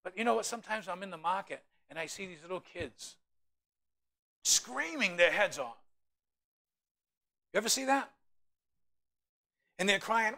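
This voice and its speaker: A pastor preaching a sermon with a gravelly, bright voice that swings widely up and down. He is animated and jokes with the congregation between points, his pitch sitting a little high for a man. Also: measured pace, pauses often. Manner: animated, humorous asides to the congregation.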